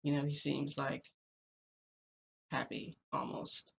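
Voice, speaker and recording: A woman's voice: a bass voice, little pitch movement, slow, gravelly, slight background noise. A young woman vlogger telling a personal story in a casual, rambling way, full of fillers.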